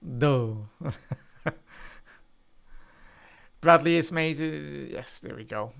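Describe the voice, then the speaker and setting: A man hosting a live football watch-along, chatting to viewers and shouting out at goals. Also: fairly high pitch, extremely slow, gravelly, clean tone. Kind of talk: live match reaction and chat.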